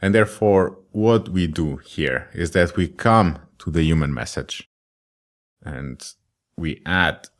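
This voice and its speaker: A man's voice: low voice, slow. A man teaching a casual coding tutorial, thinking aloud with many ums and self-deprecating jokes. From Germany. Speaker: course instructor.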